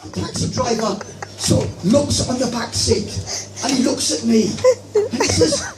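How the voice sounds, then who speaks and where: A man doing open-mic stand-up, telling stories in a rambling, self-deprecating way full of halting restarts. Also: extremely high pitch. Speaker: stand-up comedian. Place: open-mic comedy venue. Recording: echoey room, far from mic, loud music.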